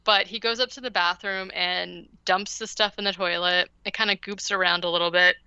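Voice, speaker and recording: A woman's voice: lowish voice, fairly even intonation, normal speed, sharp tone, clean tone, no room sound, dull audio. A woman podcast host casually recapping a movie, rambling with lots of "like" and "um". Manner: rambling, heavy use of "like" and "um".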